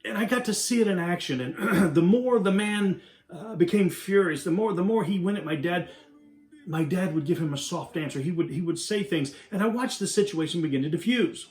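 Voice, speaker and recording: A middle-aged man telling a personal story and drawing a life lesson from it, earnest and animated, easing into a soft, quiet close. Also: high voice, normal speed. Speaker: inspirational speaker. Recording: roomy echo with faint background music.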